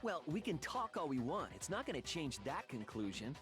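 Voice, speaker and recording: A man's voice: fairly high pitch, sing-song, moderate pace, music in the background. A man voicing a blunt teen student who dismisses arguments in a game's trial scene. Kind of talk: fan voice acting of a game.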